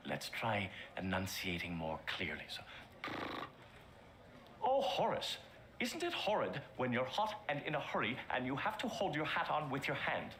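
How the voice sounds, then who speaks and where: An actor playing a smooth, persuasive political adviser in a period TV drama, coaching a man on his speech. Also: on the low side, big pitch swings, normal speed, noisy background.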